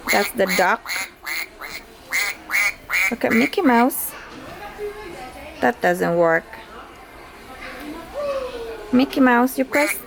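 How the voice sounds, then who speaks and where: A woman showing a baby a sound book, speaking in a gentle sing-song and imitating animal noises. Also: a little high. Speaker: caregiver playing with a baby.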